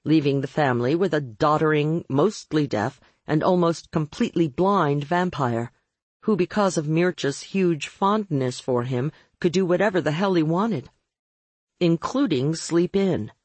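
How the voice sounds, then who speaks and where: A woman's voice: low-pitched, expressive, unhurried, a little mellow, husky, dry recording. A woman reading a first-person audiobook with wry, sardonic narration.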